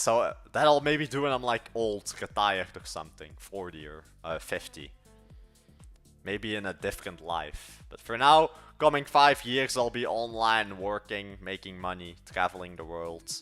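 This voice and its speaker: A man's voice: fairly low pitch, pushed and bright. A young man in his late teens from Belgium, with a mixed European accent, chatting casually on a livestream, rambling, correcting himself mid-sentence and giving blunt opinions. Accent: Belgian, mixed European-sounding. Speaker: livestreaming coder. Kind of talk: casual livestream chat answering viewers.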